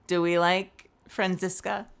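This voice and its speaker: A woman's voice: on the low side, little pitch movement, a little slow, creaky, clean tone. A tired woman streamer chatting casually with viewers. She rambles and giggles, often stopping and restarting her sentences.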